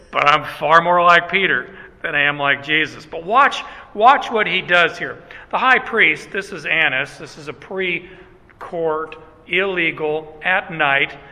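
Slow-spoken, bright-voiced preacher in a hall. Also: male voice, fairly high pitch. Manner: folksy and self-deprecating, with halting restarts. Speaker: pastor. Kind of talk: sermon. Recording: echoey hall.

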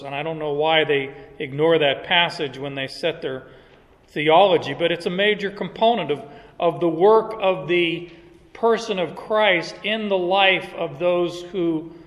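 A man preaching a verse-by-verse sermon at a deliberate, unhurried pace, his voice sitting a little higher than most men's. He leans hard on key words to drive each point home, and his voice trails off into a long reverb, as in a church hall. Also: a bit bright. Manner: slow, emphatic, teaching tone with verse references. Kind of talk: expository sermon.

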